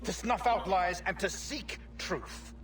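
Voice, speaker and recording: An actor playing a stern, scheming, condescending leader in a game, haughty and contemptuous. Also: male voice, sits high, takes it slowly, far from the mic, background noise.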